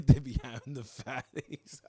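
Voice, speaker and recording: A man hosting a podcast, talking in an animated, profane way and laughing often. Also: mid-range voice, takes it slowly. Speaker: podcast host. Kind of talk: casual podcast chat.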